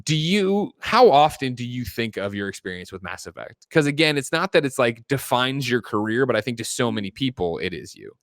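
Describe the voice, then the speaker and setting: A man's voice: mid-range voice, sing-song, a little fast, hardly any pauses, dry recording, studio quality. A man hosting a casual chat, telling rambling, digressive stories. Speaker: podcast host.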